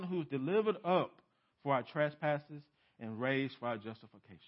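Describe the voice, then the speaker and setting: A man's voice: mid-range voice, lively intonation, normal speed. Emphatic male pastor preaching, lo-fi audio. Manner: emphatic, swings from loud to hushed, rhetorical questions. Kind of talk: sermon. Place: church sanctuary. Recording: dull lo-fi sermon recording.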